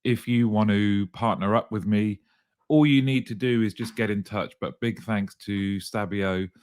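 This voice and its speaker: Brief: male live-show host, upbeat and jokey, slightly croaky, lowish voice, dry close sound. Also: fairly even intonation, a little slow, darkish tone, no room sound. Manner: upbeat, greets viewers by name, jokey. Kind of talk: live show chat reading comments.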